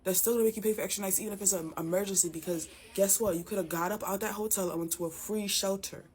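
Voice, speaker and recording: A woman's voice: medium pitch, fairly even intonation, quick pace, a little mellow. A woman in a casual video rant, upset and frustrated, close to tears as she talks. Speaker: vlogger.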